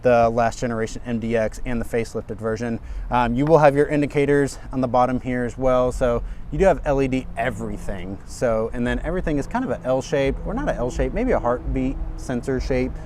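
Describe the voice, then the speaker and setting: A man giving an energetic, chatty walkaround car review outdoors at a dealership, talking straight to his viewers. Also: mid-range voice, brisk, hardly any pauses, a little hiss or hum.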